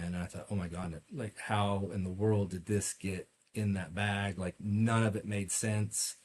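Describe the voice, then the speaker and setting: A middle-aged man, a podcast guest, earnestly recounting a personal story in detail with frequent fillers and restarts. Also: on the low side. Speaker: podcast guest, medical device sales rep. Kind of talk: storytelling interview.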